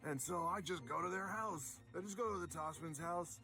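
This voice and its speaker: Man doing a bright, gravelly, boastful young woman, profane and repetitive. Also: sits high, normal speed, heavily acted. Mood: cocky. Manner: boastful, profane, repeats herself. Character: cocky foul-mouthed young woman brawler. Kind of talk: improvised game retelling.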